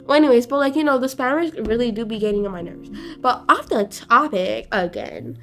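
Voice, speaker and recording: A woman co-hosting a podcast with her sister, chatting in an animated, slangy way on a close mic. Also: on the high side, a little fast, faint music behind. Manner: animated and slangy, heavy on filler 'like', acts out voices. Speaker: podcast co-host, younger sister. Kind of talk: casual chat. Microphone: close studio mic.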